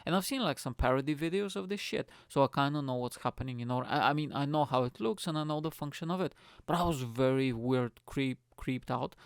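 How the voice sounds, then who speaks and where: A young man hosting a casual solo podcast, rambling and swearing as he tells an animated story into his microphone. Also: medium pitch, brisk, clear, resonant tone, dry recording. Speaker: podcast host. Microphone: studio microphone.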